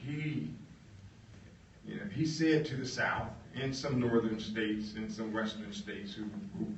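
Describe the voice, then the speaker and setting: A man giving a storytelling talk, halting with fillers and leaning hard on key words, heard from a distance in an echoey room. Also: mid-range voice, fairly bright tone, muffled recording, slight background noise. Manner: halting, with many fillers and emphatic stresses. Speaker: guest speaker.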